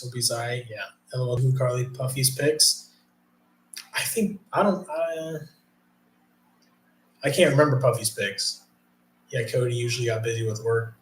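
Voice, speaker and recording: Male streamer, mid-pitch, loose profane chat, roomy echo. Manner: profane, rambling, reads chat aloud. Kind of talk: casual live stream chat.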